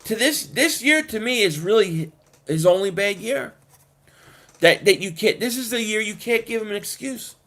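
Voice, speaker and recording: A man hosts a casual live stream and reads chat comments aloud. His voice sits high and he talks in an animated, emphatic way. He often stumbles and restarts his sentences. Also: moderate pace.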